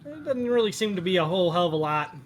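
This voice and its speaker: A man's voice: high-pitched, sing-song, fast, a little hiss or hum. A man narrating as game master of a tabletop role-play, casual and amused with many fillers.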